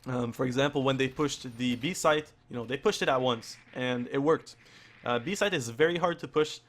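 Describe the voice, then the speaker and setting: Halting, hoarse male esports caster. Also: medium pitch, fairly bright tone. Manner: halting, with frequent restarts and fillers. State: hoarse, losing his voice. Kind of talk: live play-by-play commentary.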